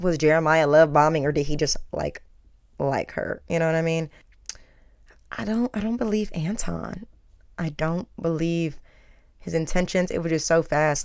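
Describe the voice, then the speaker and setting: Low-voiced woman hosting a chatty podcast. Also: dry recording, studio quality. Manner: chatty and opinionated, lots of filler words. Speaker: podcast host. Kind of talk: casual pop culture commentary.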